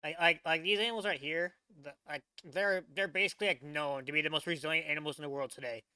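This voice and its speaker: Man, rambling excitable reaction commentary, bright voice, dry recording. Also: fairly high pitch, fast, clear, resonant tone, no echo. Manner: rambling, excitable, many restarts. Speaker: reaction channel host.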